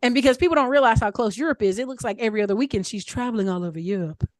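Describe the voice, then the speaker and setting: A woman's voice: fairly high pitch, very fast, no echo. Chatty woman giving upbeat online advice. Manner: chatty, frequent fillers like "um" and "like"; upbeat advice-giving, repeats points for emphasis. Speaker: mastermind group speaker. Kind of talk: casual Q&A coaching on an online call.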